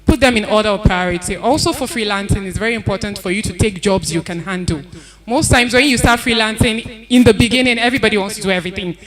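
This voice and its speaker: A woman's voice: mid-range voice, quick pace. A woman speaking on a conference panel, giving earnest advice and repeating her key points. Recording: event hall with crowd noise.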